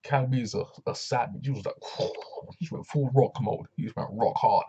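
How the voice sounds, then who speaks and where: Casual male reviewer, husky and gravelly, laughs a lot, lo-fi audio. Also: mid-range voice, steady tone, brisk, warm tone. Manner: loose and chatty, laughs often, many fillers. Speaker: show reviewer. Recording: dull lo-fi recording.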